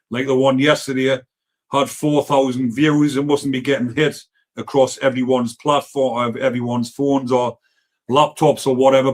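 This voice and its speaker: A man with a Geordie accent hosting a casual live stream, reading viewer comments and talking bluntly, with frequent swearing and rambling asides. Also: medium pitch. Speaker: livestream host reading comments.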